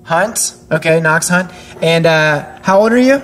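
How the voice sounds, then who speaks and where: A woman's voice: sits low, lively intonation, a little slow. Upbeat woman pastor quizzing kids. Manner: upbeat and encouraging, with playful teasing questions; chatty, with frequent fillers and restarts. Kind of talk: interviewing children on a church show.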